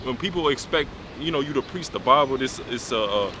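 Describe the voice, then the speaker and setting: A man reading scripture aloud outdoors in a measured, deliberate way, with some halting remarks of his own. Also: medium pitch, lively intonation, background noise. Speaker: scripture reader.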